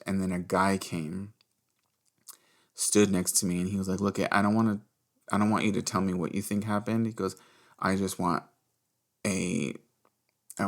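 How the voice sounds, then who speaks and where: Gravelly low-voiced man telling a story. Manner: candid, swears freely, acts out quotes. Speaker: podcast host. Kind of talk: casual storytelling.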